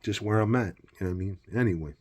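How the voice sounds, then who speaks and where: A man's voice: lowish voice, quick pace, darkish tone, breathy edge. A man talking in a loose, blunt, rambling personal monologue, often filling with casual asides. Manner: blunt, loose and rambling, full of "you know what I mean".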